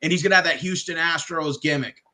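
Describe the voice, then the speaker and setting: A man hosting a casual sports chat, profane and excitable, slipping into mock wrestling voices. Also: fairly high pitch, fast. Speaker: podcast host.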